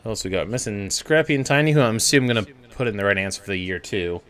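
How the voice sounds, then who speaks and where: Wry male co-host with a low voice. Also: expressive, fast talker, fairly bright tone, soft background music. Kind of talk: casual livestream banter.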